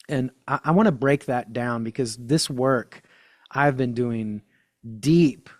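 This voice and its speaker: A man talks enthusiastically as a podcast guest and leans hard on key words. His pitch sits in the middle range. The recording is dry and close, with no room sound. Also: no echo. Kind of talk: casual podcast conversation.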